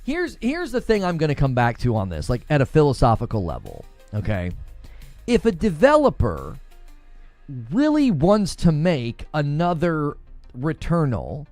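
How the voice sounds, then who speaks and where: A man's voice: mid-range voice, darkish tone, dry recording. A man streaming live, chatting casually about a game, rambling with repeated words and many fillers as he reads chat comments and reacts. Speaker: gaming streamer.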